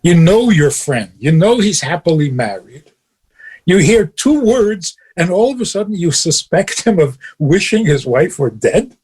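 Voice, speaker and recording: Husky, higher-pitched man teaching, chuckling. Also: very animated, unhurried, darkish tone. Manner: chuckles often, emphatic rhetorical questions. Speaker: rabbi and radio show host. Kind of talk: teaching talk on a radio show.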